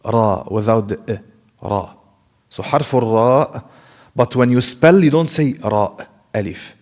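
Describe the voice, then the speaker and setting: A man's voice: mid-range voice, lively intonation, measured pace, darkish tone, in a large hall. A man teaching a classroom lecture, explaining carefully, demonstrating sounds himself and asking the class rhetorical questions. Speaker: Quran recitation teacher. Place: mosque classroom.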